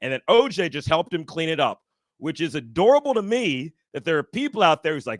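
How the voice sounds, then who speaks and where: A man doing a stand-up comedy set on stage, animated and acting out other people's voices. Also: brisk, no room sound. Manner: animated, acts out other people's voices with big jumps in pitch. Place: comedy stage before a live audience.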